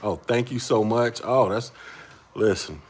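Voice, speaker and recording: Husky-voiced man in his forties, chatting. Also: fairly low pitch, unhurried. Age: 40s. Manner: laid-back, chatty, laughs often, talks to viewers. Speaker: IT livestream host. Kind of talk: casual livestream chat.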